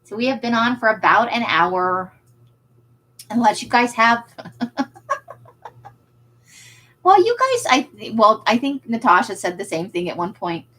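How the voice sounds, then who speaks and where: A woman's voice: a little high, sing-song, a little slow, pauses often, fairly bright tone, poor audio. A woman who runs a craft shop, hosting a casual livestream and chatting with viewers. She is self-deprecating and laughs often.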